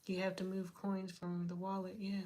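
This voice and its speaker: A woman's voice: mid-range voice, monotone, moderate pace, dark tone. Chatty woman hosting a live stream. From United States. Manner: chatty, laughs often, talks to chat. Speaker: livestream host. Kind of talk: casual live chat reading comments.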